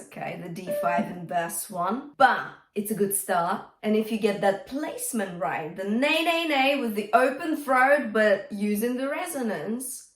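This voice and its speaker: A woman teaching a singing lesson as a vocal coach, encouraging and singing example phrases. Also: medium pitch. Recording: roomy and a bit distant from the mic.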